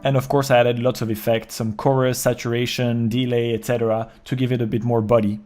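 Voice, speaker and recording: A man explaining step by step how he produced a track in his home studio, in a calm, even way. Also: medium pitch, fairly quick, over music. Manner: calm step-by-step walkthrough, counting beats aloud. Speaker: music producer. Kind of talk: explaining a music production process.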